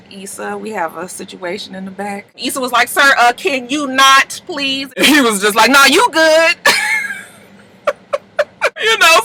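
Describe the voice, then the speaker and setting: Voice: mid-range voice, bright, forceful tone, a little hiss or hum, low-quality recording. A reviewer from the US West Coast casually recapping a TV episode and acting out the characters' lines with changing voices.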